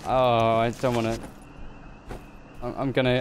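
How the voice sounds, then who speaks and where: A man commenting chattily as he plays a video game, excitably narrating each of his own moves. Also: medium pitch, a little slow, a little hiss or hum. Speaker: gaming video host. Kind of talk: let's play commentary.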